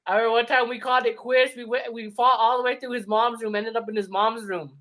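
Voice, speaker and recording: A man's voice: very high-pitched, fast. A young man, a podcast co-host, telling a profane, laughing story among friends. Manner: profane, laughing, animated retelling.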